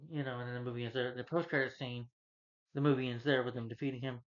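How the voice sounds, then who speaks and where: This dull lo-fi recording has a male movie reviewer recapping a plot fast and steadily at medium pitch. His delivery is casual and meandering, with "you know" popping up constantly.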